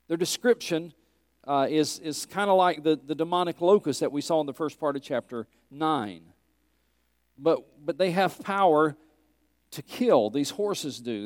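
A man's voice: fairly high pitch, lively intonation, moderate pace, darkish tone, no echo. Earnest man teaching scripture. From Tennessee. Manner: earnest, emphatic, questions the class. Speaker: Bible teacher. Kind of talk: teaching a Bible class.

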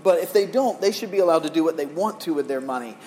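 A middle-aged male pastor preaches in a loose, animated way, spinning personal stories and tossing questions to the room. His stage mic carries a long reverb tail from a large hall. A faint hum of background noise sits underneath. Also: on the high side, fast. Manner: animated, storytelling, rhetorical questions to the crowd. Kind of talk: conversational sermon.

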